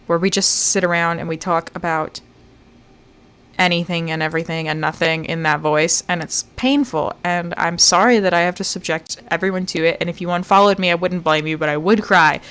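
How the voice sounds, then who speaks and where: A woman's voice: lowish voice, fairly even intonation, brisk, fairly bright tone, smooth. A woman streamer chatting playfully to herself as she plays a game live, with the odd jokey mock-British phrase. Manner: chatty, playful, talks to herself while searching.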